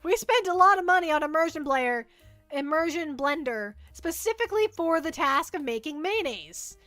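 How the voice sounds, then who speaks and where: A woman's voice: high voice, expressive, normal speed, fairly bright tone, dry recording, soft background music. A woman hosting a livestream, chatting casually and rambling as she answers viewer questions, often repeating herself and joking at her own expense. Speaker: livestream host.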